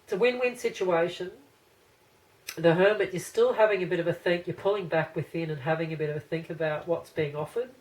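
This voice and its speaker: A woman's voice: on the low side, brisk, a little mellow, low-quality recording. A woman giving a casual pick-a-card tarot reading to camera, rambling and thinking aloud with many restarts.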